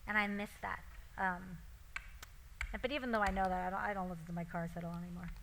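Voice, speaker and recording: A woman's voice: medium pitch, fairly even intonation, fast, vocal fry, a bit bright, slight background noise, poor audio. A woman, an author and actor, talking casually with many likes and ums, then reading aloud from her own memoir.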